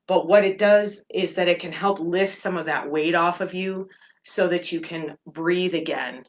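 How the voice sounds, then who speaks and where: A middle-aged woman hosting a meditation podcast, talking gently and candidly about her feelings. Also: on the low side, unhurried. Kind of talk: personal reflective talk.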